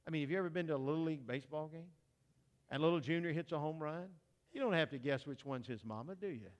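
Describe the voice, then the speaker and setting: A man's voice: a little high, quick pace. A man preaching a sermon in a folksy, conversational way, talking straight to his congregation with homespun asides.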